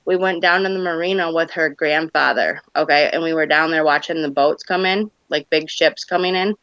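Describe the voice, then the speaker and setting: A woman's voice: low voice, moderate pace, fairly bright tone, dry recording. A woman in her thirties hosting a livestream, chatting casually and rambling through stories. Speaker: livestream host. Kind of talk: casual chat. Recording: dull lo-fi stream audio.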